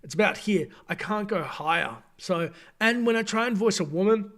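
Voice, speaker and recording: A man's voice: sits high, moderate pace, a bit bright. A man hosting a late-night gaming live stream, talking to chat in a rambling, chatty way and correcting himself as he goes, tired at this hour. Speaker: gaming channel host.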